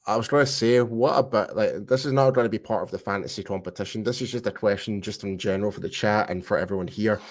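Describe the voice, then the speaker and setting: A man's voice: fairly low pitch, fast, few pauses. Stammering man in fan chat. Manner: stammers and restarts, opinionated. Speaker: panelist. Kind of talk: casual panel chat.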